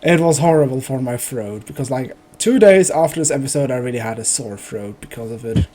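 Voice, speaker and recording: A man's voice: medium pitch, animated, a little fast. A man streaming a video game, joking and thinking aloud as he plays. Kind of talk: casual let's play commentary.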